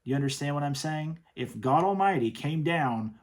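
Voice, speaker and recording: A man's voice: a little high, lively intonation, moderate pace. A man hosting a commentary show, talking in an emphatic, stern way and often repeating himself. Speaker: host reviewing worship music. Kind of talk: opinionated commentary.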